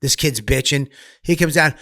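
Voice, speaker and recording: A middle-aged man, a comedian telling stories in an interview, profane and animated. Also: fairly high pitch, normal speed, no room sound, clean studio sound. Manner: profane, animated, acts out other people's voices loudly. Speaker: comedian guest. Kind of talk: candid storytelling in conversation.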